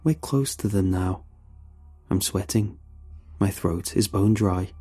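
A man telling a first-person horror story in a tense, measured way. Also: deep voice, warm tone, husky, faint music behind.

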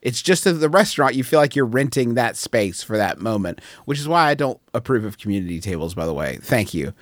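A man's voice: mid-range voice, expressive, fast talker, dry recording. A man hosting a comedic advice podcast, reading listener letters in a rambling, self-mocking way. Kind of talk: casual comedic chat.

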